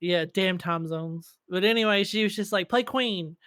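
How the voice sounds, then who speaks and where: A man with a Southern accent hosting a casual chat and telling lively stories. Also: sits high, normal speed. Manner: animated storyteller, swearing freely. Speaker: podcast host.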